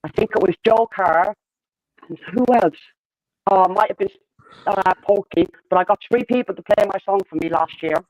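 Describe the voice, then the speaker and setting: A man with a fairly high voice, ranting angrily in a casual chat. He swears a lot and pushes each point hard. The sound is dry and close. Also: moderate pace, a little mellow, no echo, highs cut off. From Ireland. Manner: heated, angry, swears often.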